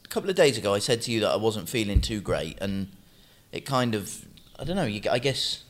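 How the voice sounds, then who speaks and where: A man's voice: on the low side, a little fast. A middle-aged man, co-hosting a podcast, speaking openly and reflectively about how he feels. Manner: relaxed, open and reflective about his anxiety. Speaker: podcast co-host. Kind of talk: casual chat.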